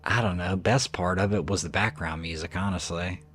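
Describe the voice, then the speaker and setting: A man's voice: normal speed, husky, soft background music. A man hosting a spooky-footage channel, mixing casual reactions with storytelling narration. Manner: casual, musing delivery with lively pitch swings.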